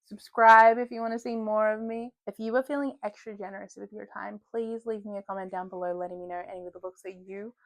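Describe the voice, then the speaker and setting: A woman's voice: medium pitch, steady tone, quick pace, hardly any pauses, dry recording. A woman vlogging about books in a chatty, joking way, swearing casually. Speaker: book vlogger. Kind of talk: casual chat.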